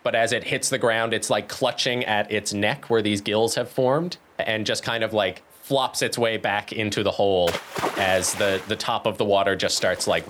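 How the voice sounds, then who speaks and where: A man's voice: fairly low pitch, a bit bright, slight background noise. A man narrating as game master, describing scenes loosely with many fillers.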